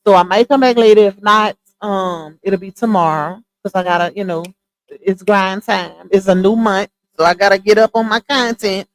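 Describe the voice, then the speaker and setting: A woman's voice: medium pitch, moderate pace. A young adult woman hosting a casual livestream, talking bluntly in slangy gossip about online drama. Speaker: livestream host.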